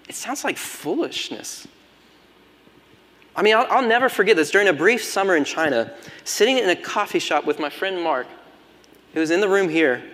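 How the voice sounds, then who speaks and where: Dynamic preacher man in a reverberant hall. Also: fairly high pitch. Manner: dynamic, swings from loud emphatic preaching to hushed near-whispers. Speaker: pastor. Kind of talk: sermon.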